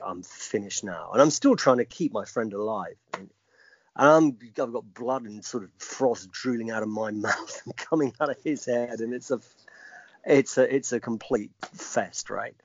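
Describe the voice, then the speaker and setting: A man's voice: on the low side, moderate pace, slightly rough, dry recording. Middle-aged man, emphatic storyteller, lo-fi. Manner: emphatic, reflective, acts out quoted speech. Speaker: guest. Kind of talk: personal storytelling. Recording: dull lo-fi dry recording.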